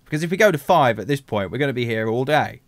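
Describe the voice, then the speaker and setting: A man's voice: mid-range voice, animated, fast, no echo. A man chatting casually over gameplay as the channel's host, joking and bursting into theatrical outbursts.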